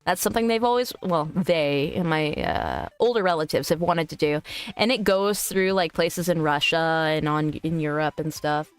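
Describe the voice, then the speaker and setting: Woman, VTuber streamer, casual live-stream chat, crude teasing humor, smooth clear voice, faint background music. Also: deep voice, moderate pace, dry recording. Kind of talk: casual live-stream chat, reading viewer messages aloud.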